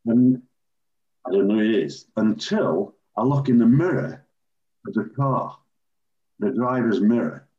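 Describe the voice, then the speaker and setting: An older man from England, a former referee, telling animated anecdotes as an interview guest. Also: on the low side, a little slow, pauses often. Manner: animated raconteur, acts out quoted voices. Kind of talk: anecdotal storytelling. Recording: dull lo-fi recording.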